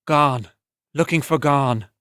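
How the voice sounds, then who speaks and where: A man voicing a sick, halting young boy. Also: a little high, fairly bright tone, clean tone, no echo, clean studio sound. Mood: strained. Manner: halting, strained speech.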